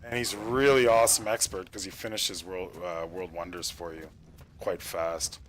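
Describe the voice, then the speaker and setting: A man's voice: low-pitched, steady tone, moderate pace, a little hiss or hum. A young man from Canada chatting casually while streaming a game as server admin, rambling with filler and casual swearing. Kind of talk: casual gameplay stream chat.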